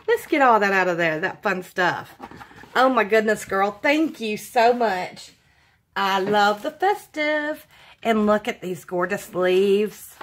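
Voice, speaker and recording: Gushing woman, slow and warm-hearted. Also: mid-range voice. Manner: gushing, exclaiming often. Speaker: craft channel host. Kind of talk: casual unboxing vlog.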